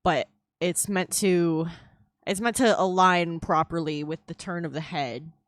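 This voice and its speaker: Casual, low-voiced woman streamer. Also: a little slow. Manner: casual, swears freely, laughs easily. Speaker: streaming artist. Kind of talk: casual chat while drawing on stream. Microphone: headset.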